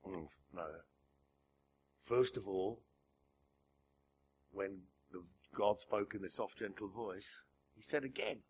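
Slow, emphatic male preacher. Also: on the low side, a little hiss or hum. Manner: emphatic preaching that drops to a hushed near-whisper. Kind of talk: sermon to a church gathering.

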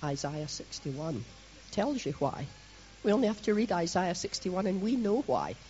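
A middle-aged Scottish woman from Scotland giving a lively, chatty sermon to her congregation, with self-mocking asides. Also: on the low side, normal speed, highs cut off, slight background noise. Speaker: church leader preaching.

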